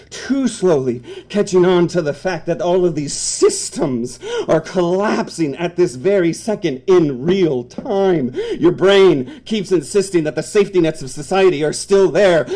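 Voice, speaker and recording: Frantic, animated man reading aloud. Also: high voice. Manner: frantic, breaks into yelling and laughter. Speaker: author reading his own fiction. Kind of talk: dramatic live reading.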